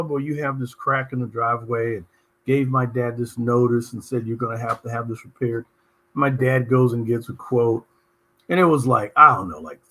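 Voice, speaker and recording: A middle-aged man from Southern California, hosting a talk show and telling anecdotes in an animated, emphatic way. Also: on the high side, husky. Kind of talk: conversational interview storytelling.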